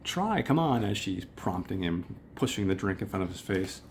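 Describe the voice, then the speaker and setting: A man's voice: low-pitched, level tone, moderate pace, slight background noise. A man hosting a podcast, casually retelling and reading aloud from a graphic novel in a loose, filler-heavy way. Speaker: podcast host. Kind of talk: casual recap and read-aloud. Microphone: camera on tripod.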